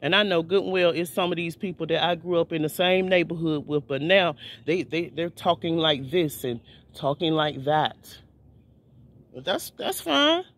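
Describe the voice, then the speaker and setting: A man with a notably high voice delivers an informal video sermon. He preaches fervently, circling back on his words and repeating phrases for emphasis. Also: fairly even intonation, normal speed, fairly bright tone. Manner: fervent, repetitive, many restarts.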